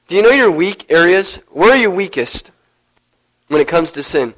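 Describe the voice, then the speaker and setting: Casual: pastor guy preaching, kinda high voice, earnest, goes low and slow on big points. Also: expressive, low-quality recording. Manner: earnest, storytelling preacher who drops low to stress points. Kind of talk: sermon.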